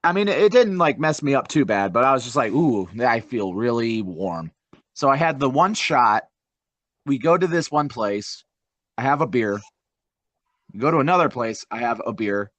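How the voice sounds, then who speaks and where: A young man co-hosting a casual podcast, telling a rambling story with lively swings and the odd curse. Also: medium pitch, moderate pace, no room sound. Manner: animated storyteller, swears. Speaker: podcast co-host.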